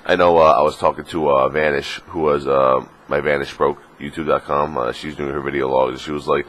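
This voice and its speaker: A man's voice: a bass voice, flat delivery, fairly quick, fairly bright tone. A man vlogging casually, joking crudely and rambling with lots of fillers, a little sniffly in the morning. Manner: crude, joking, full of fillers, slips into mocking put-on voices. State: sniffly, just woke up. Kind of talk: casual vlog rant.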